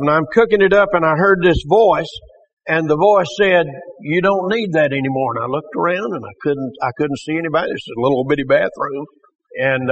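A man giving a church testimony, telling his story in a folksy way and acting out the voices of people he quotes. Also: fairly high pitch. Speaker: testimony speaker. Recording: dull lo-fi recording.

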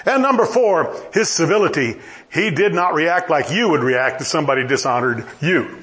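A male preacher delivering a sermon in a high, sing-song voice that swoops up and down. He acts out the dialogue in his story with plenty of energy and breaks into wry, humorous asides. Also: expressive, moderate pace, fairly bright tone.

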